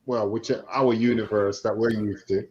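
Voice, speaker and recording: A man's voice: lowish voice, flat delivery, moderate pace, a little mellow. Easygoing man on dull lo-fi audio. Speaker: podcast co-host. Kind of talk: casual chat.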